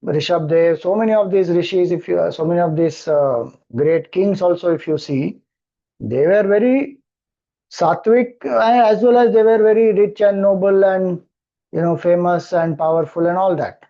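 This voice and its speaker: Indian man giving a mellow scripture talk. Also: high voice, moderate pace, dull audio. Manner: explanatory, repeats chanted verses, asks rhetorical questions. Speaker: spiritual teacher. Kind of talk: scripture discourse.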